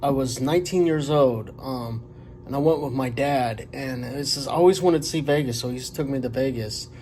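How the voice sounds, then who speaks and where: A man in his forties telling a story to camera in a rambling, halting way, full of fillers and restarts. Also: medium pitch, mellow. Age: 40s. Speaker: vlogger.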